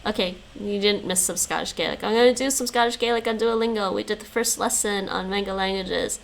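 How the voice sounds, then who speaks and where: A woman's voice: medium pitch, fairly quick, gravelly, slight background noise, low-quality recording. A woman streaming her language practice, repeating words after an app and chatting casually with viewers, often laughing. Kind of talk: casual chat while practising vocabulary.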